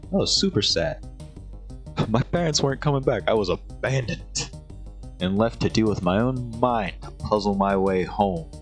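A man's voice: fairly low pitch, animated, unhurried, faint music behind. A man giving casual, sarcastic commentary while playing a game and reading it aloud, swearing at the characters. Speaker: let's play gamer. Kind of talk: gameplay commentary.

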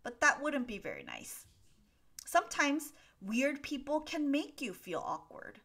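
A woman's voice: high voice, huge pitch swings, a little slow, bright, forceful tone. A woman English teacher answering viewers' questions on a live stream, explaining patiently with many fillers and reading from a laptop. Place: at a desk with a laptop.

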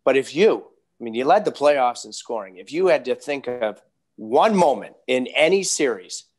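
A man's voice: medium pitch, animated, normal speed. A man hosting an interview podcast, asking long questions and telling chatty anecdotes. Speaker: podcast host.

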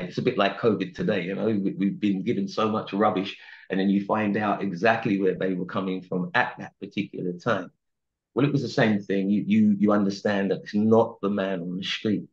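Older man, lowish voice, earnest and emphatic, dull lo-fi recording. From South London, England. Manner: earnest and emphatic, frequent "you know" and "right?". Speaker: singer, interview guest. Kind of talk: candid reflective interview talk.

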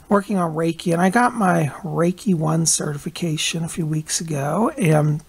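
A man's voice: sits high, vocal fry, slightly rough. A man chatting casually at home in a rambling vlog, looping back with "anyways" and restarts. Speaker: psychic vlogger.

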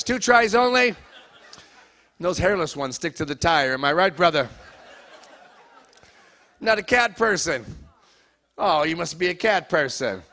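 A high-voiced man works a live comedy crowd with a bright, piercing tone. He fires off jokes and teases people in the audience. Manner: loud, fast-joking, teases the audience. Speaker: stand-up comedian. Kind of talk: stand-up comedy set with crowd work.

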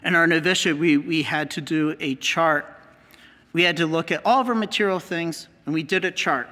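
A man's voice: a little high, moderate pace, pushed and bright. An American man, a priest, giving an earnest teaching talk with slides and repeating key phrases for emphasis. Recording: long hall reverb.

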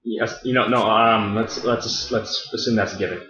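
A man's voice: on the low side, steady tone, moderate pace, pushed and bright. A man co-hosting a let's play in casual chat, frustrated and self-mocking, swearing often. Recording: roomy, dull lo-fi sound.

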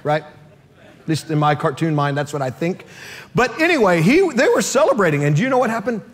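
Animated high-pitched preaching man. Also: a little fast, slightly rough. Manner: animated, shouting in bursts, acts out voices. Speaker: pastor. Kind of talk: lively sermon with comic storytelling.

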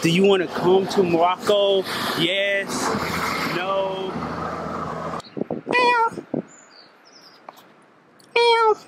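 Heavy background noise surrounds this North Carolina man as he casually vlogs his travels by the ocean and in a cafe. He speaks slowly in a high-pitched, flat voice, keeping things chatty and relaxed with his viewers.

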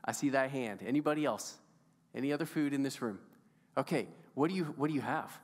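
A male pastor preaches in a church sanctuary, playful and enthusiastic, chatting back and forth with his congregation. His voice sits at medium pitch and moves a little fast. Long church hall reverb fills the recording.

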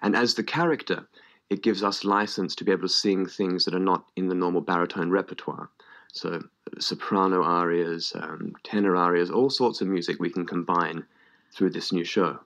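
A man's voice: deep voice, fairly even intonation, moderate pace, fairly bright tone. A man, an actor and singer, speaking articulately as a radio guest and enthusing with words like wonderful. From Australia. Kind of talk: radio interview. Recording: dull lo-fi radio broadcast.

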